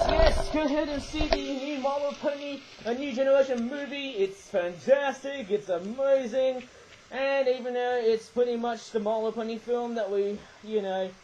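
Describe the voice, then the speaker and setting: A man's voice: high-pitched, darkish tone, a little hiss or hum, poor audio. A man reviewing toys in a casual vlog, rambling and correcting himself, often tagging his sentences with "eh?". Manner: rambling, self-correcting, frequent tag "eh?". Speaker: toy reviewer.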